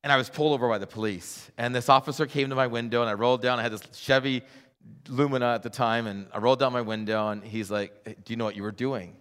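A middle-aged man preaching a sermon as a pastor, animated and acting out voices in his stories. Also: mid-range voice, fast, smooth. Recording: long hall reverb.

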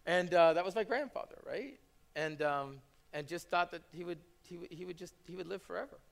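A man's voice: high voice, brisk, gravelly. A man in his thirties preaching a sermon, telling stories earnestly and building into impassioned preaching. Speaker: pastor.

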